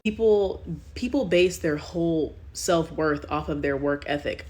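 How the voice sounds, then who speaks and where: A woman in her twenties from Texas speaks to her viewers in a vlog. She talks earnestly and addresses them directly, in a notably low voice. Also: measured pace, a little mellow. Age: 20s. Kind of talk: vlog monologue.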